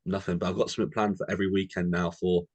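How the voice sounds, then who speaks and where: A man's voice: low voice, level tone, rapid-fire, slightly rough, dry recording. A young English man co-hosting a podcast, chatting casually, calling his friend mate constantly and telling anecdotes. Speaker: podcast co-host. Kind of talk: casual chat.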